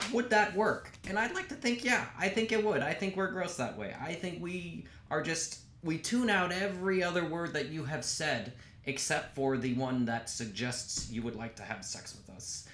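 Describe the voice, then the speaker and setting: A young adult male comedian doing a casual monologue to camera, dry and self-deprecating, with filler pauses. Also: mid-range voice, big pitch swings, a bit bright. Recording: echoey room with faint background hiss.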